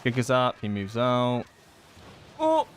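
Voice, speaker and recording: Excitable man commentating his gameplay. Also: mid-range voice, takes it slowly, a little hiss or hum. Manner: excitable, thinking aloud, pleading with teammates. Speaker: gaming content creator.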